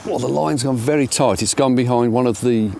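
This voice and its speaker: A man's voice: medium pitch, brisk, gravelly, warm tone, slight background noise. A middle-aged man, talking casually and self-deprecatingly while fishing outdoors by a lake. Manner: chatty, self-deprecating commentary. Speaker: angler presenter.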